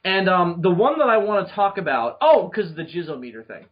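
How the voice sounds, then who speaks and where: A man with a fairly high voice hosts a casual podcast chat, pausing often on fillers as he asks questions. The recording is muffled and lo-fi, and the top end sounds dull. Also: big pitch swings. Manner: hesitant, filler-heavy. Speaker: podcast host.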